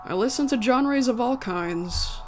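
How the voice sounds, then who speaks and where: Animated and on the high side, yet a little slow and somewhat dark in tone, a woman with a mild American country accent talks casually to her live stream. She rambles, backtracks to correct herself and chuckles. Faint music plays in the background.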